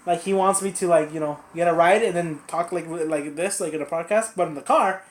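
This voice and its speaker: A young man chatting on a podcast, telling rambling stories and acting out other people's lines in high voices. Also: a little fast. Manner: rambling storyteller who acts out quotes in high voices. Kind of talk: casual podcast chat. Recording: roomy echo.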